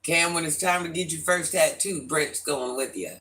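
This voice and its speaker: A middle-aged man with a slightly high voice runs a casual livestream, greeting viewers by name and responding to the chat. He chats freely in an animated way at a normal pace.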